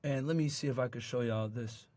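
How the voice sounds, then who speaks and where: A man hosting a streaming show chats casually with his live chat, retelling a story in an animated, profane, incredulous way. His voice is medium in pitch and his pace is brisk.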